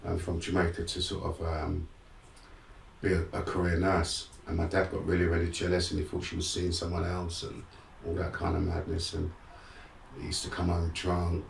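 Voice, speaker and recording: Deep gravelly man, roomy sound. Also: moderate pace, distant mic, a little hiss or hum. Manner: frank, streetwise, animated in re-enacted moments. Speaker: guest, motivational speaker. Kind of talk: candid personal storytelling.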